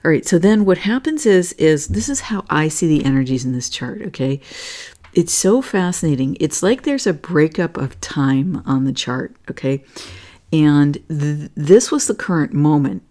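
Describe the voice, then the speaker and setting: A woman with a deep, expressive, mellow voice speaks at a moderate pace while hosting an astrology and energy reading talk. She rambles casually over charts, full of fillers and frequent "okay?" check-ins. Her manner is earnest, and she gets emotional.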